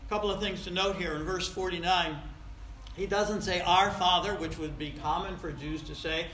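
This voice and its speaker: Man, pastor, sermon, high bright voice, emphatic, echoey room. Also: fairly even intonation, normal speed, slight background noise. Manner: emphatic preaching with big swings in loudness.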